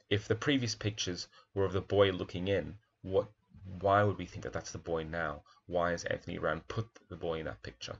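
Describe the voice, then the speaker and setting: A man's voice: deep voice, flat delivery, normal speed, muffled recording. A man, a primary school teacher, talks thoughtfully through a picture book, admiring its pages and asking questions aloud.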